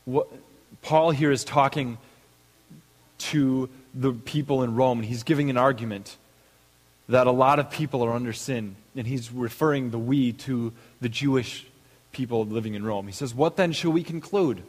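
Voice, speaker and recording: A man's voice: medium pitch, steady tone, normal speed, big-room sound, poor audio. A man preaching a sermon, moving from a told story into reading scripture. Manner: storytelling with acted voices, then reading scripture. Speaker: pastor. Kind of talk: sermon with an opening joke.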